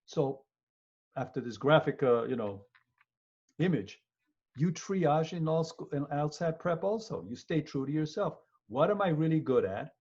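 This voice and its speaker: A man lectures over a video call with a husky, slightly raised voice. He is animated and joking, and he repeats himself as he acts out scenarios. The sound is somewhat muffled. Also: on the high side, a little slow. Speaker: law professor. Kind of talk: lively webinar lecture. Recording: muffled webinar audio.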